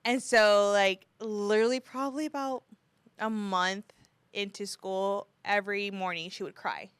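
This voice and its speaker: A woman's voice: medium pitch, fairly even intonation, measured pace, fairly bright tone, clear, resonant tone, no room sound. A woman hosting a podcast, chatty and emotional, with lots of fillers. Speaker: podcast host. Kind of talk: casual podcast chat.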